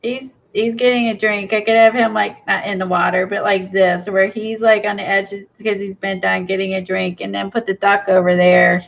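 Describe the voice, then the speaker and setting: A woman's voice: medium pitch, flat delivery, normal speed, gravelly, hardly any pauses. A woman chatting and thinking aloud while she works on a craft project, gushing over small finds. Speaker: craft video host. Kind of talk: casual crafting chat. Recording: dull lo-fi sound.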